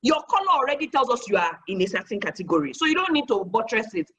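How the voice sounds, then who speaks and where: A woman tells a lively motivational story, acting out conversations and adding preacher-like blessings. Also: a little high, fast talker, slight background noise. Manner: animated, acts out dialogue, preacher-like blessings. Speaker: guest speaker.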